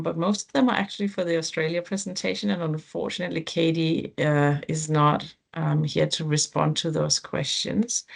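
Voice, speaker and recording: Creaky-voiced woman moderating a webinar. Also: deep voice. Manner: conversational, with many ums and restarts. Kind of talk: hosting an online panel discussion. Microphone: video call.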